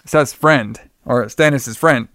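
A man's voice: medium pitch, slow pace, fairly bright tone, dry recording. A man co-hosting a podcast, casually retelling a movie plot in a rambling way full of fillers. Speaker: podcast co-host. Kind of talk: casual movie review chat.

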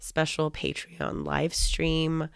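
Chatty woman with a gravelly voice. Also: low voice, sing-song, slow, no room sound, clean studio sound. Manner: chatty, upbeat, with fillers and laughs. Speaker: podcast co-host. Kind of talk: casual podcast chat.

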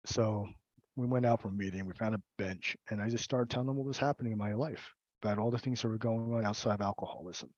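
A man giving a personal recovery share at a support meeting, speaking candidly and haltingly, repeating words and laughing. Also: medium pitch, darkish tone, breathy edge, no echo, lo-fi sound.

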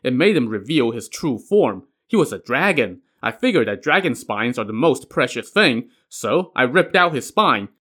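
A man's voice: medium pitch, big pitch swings, moderate pace, hardly any pauses, fairly bright tone, breathy edge. A man voicing a cocky, superhuman seven-year-old boy in a told myth, recounting his deeds in a breezy, boastful way. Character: young superhuman boy, cocky and matter-of-fact.

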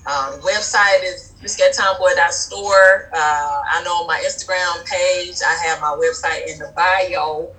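Chatty woman, low voice, laughing often. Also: steady tone, moderate pace, hardly any pauses, fairly bright tone, poor audio. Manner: chatty, many fillers, laughs while talking. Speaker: podcast guest, clothing brand owner. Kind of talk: casual podcast interview.

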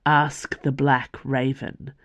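A woman's voice: a bass voice, flat delivery, slow, no echo. A woman voicing a weary, controlled veteran male assassin who hisses and grates his words. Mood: tense. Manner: hissing, grating, clipped.

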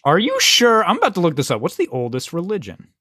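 A man's voice: high voice, huge pitch swings, fast, sharp tone, husky, no room sound, clean studio sound. A man hosting a casual podcast, joking and telling stories animatedly. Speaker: podcast host. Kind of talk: casual chat.

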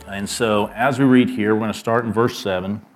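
A man preaching a sermon, reading scripture aloud and pausing to ask the congregation rhetorical questions, with mounting emphasis. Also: on the low side, steady tone, faint music behind. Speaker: pastor.

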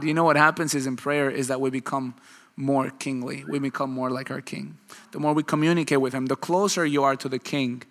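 A male pastor delivers a sermon in a loose, conversational manner, drawing his congregation into quick exchanges. His voice sits a little high and rings bright and forceful. The sound carries a long reverb from a large church hall. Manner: conversational, animated preaching with audience back-and-forth.

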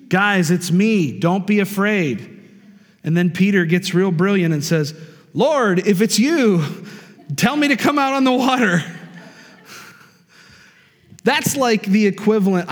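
High-voiced preacher in an echoing hall. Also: male voice. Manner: emphatic preacher with call-and-response asides. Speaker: pastor. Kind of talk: sermon. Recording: long reverb of a hall.

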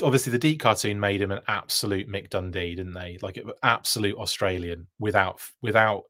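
A man's voice: on the low side, a bit bright. A man hosting a casual livestream reaction, chatting, answering viewer comments, and often breaking off mid-sentence. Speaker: host.

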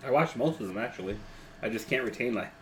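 A man's voice: medium pitch, animated, fast, crowd noise, poor audio. A man chatting casually on a podcast with wry, laid-back interjections. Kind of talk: casual chat. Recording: loud background noise.

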